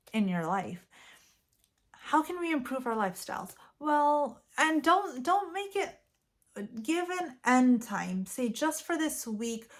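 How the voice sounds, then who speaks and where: A young woman vlogger talking casually and animatedly, often acting out what to say. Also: fairly high pitch. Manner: chatty, animated, acts out quoted lines. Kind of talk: casual advice vlog.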